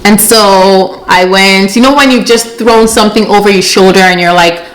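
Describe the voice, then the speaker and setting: A woman's voice: medium pitch, moderate pace, soft background music. Exasperated young woman telling a storytime. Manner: animated, exasperated retelling with slang. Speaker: storytelling vlogger. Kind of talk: casual storytime monologue.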